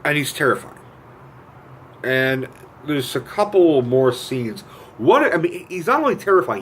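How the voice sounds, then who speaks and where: A man in the middle of a casual film rant, his voice at an ordinary pitch. He swears a lot and acts out scenes as he retells them, getting more animated as he goes. A faint hiss of noise sits under his voice. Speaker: movie reviewer.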